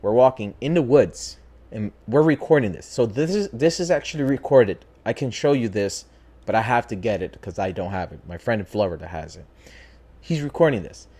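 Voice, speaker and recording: A man casually telling a spooky personal story as a podcast host, talking in a lively, profane way. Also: fairly low pitch, a little fast. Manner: animated, profane, acts out voices in his story.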